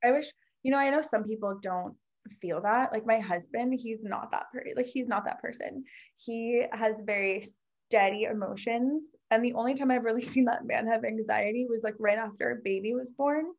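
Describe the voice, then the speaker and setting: A woman in her thirties who runs a pole dance studio chats casually with a friend. Her voice sits a bit high, and she tells stories with animated quoted voices and quick laughs. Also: highs cut off. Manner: animated storyteller, quotes people with lively voices. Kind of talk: casual chat.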